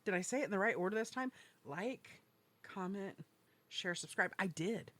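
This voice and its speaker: Lively, foul-mouthed woman podcast host. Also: mid-range voice, moderate pace. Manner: profane, excitable and laughing. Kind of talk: casual chat.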